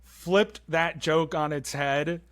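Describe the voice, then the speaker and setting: Young guy on a movie podcast gushing about a comedy, acts out scenes, kinda high voice. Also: slow. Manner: excited, swearing, acts out movie lines. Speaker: podcast co-host. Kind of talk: casual film review chat.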